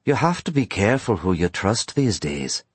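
A man's voice: fairly low pitch, very animated, moderate pace, slightly rough, no room sound. A man voicing a boisterous, joking Irish man at a bar, with a strong Irish accent and sing-song toasts. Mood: jovial.

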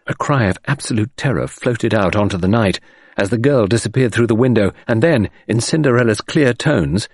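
A man reading an audiobook narration in a measured, expressive way. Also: on the low side, slightly rough, no room sound.

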